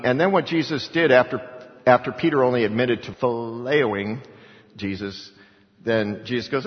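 A man preaching a sermon to his congregation, his voice rising to loud, insistent emphasis and then dropping to quiet asides. He sits at a middle pitch, and the sound carries a long, ringing hall reverb. The recording is dull and muffled, lacking top end. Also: animated, normal speed. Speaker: pastor.

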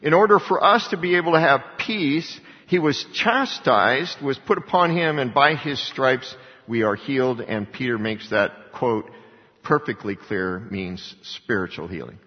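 A man's voice: medium pitch, animated, a little slow, slightly rough. A man preaching a sermon, reading scripture aloud and asking the congregation rhetorical questions. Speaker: pastor. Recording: dull lo-fi recording in a reverberant hall.

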